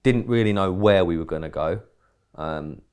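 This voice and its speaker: A man's voice: low-pitched, normal speed, a little mellow, clear, resonant tone. A man from England co-hosting a podcast, telling a rambling anecdote in casual chat and acting out quoted dialogue with mild swearing. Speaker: podcast co-host.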